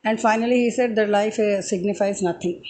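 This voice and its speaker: A woman giving a reflective spoken talk, hesitant and pausing often on filler sounds. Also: mid-range voice, darkish tone, a little hiss or hum, poor audio. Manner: hesitant, with frequent filler pauses. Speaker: speaker giving a short talk.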